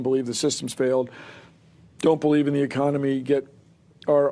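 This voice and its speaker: A man's voice: on the high side, a little mellow. A man making his case in a televised debate and interview, emphatic and earnest, building long explanations. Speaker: science communicator in debates.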